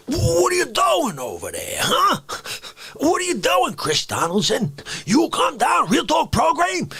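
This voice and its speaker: Man doing a ranting character, raspy, high and sharp, shouting, close dry sound. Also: dry recording, exaggerated voice. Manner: shouting outbursts, mock-interrogating, rambling hypotheticals. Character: indignant ranting man grilling people. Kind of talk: comedic character rant on a livestream.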